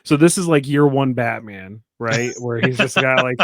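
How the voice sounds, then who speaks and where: A man with a mid-pitched voice co-hosting a movie podcast. He drops deadpan jokes and murmurs agreement while the others talk, and the recording is dry and close. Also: normal speed, no echo. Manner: deadpan joker, agreeable backchannels. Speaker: podcast co-host. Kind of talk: casual movie-review chat.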